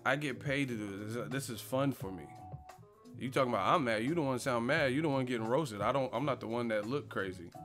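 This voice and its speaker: A man's voice: mid-range voice, brisk, a bit bright, soft background music. A man hosting a boxing live stream, reading chat questions and answering in a brash, mocking, profane trash-talk manner.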